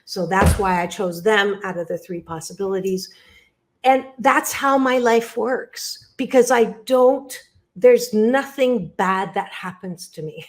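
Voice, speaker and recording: A woman's voice: medium pitch, a little slow. A woman guest on an interview podcast, talking as a psychologist in an emphatic, motivational way, often repeating phrases and speaking straight to the listener.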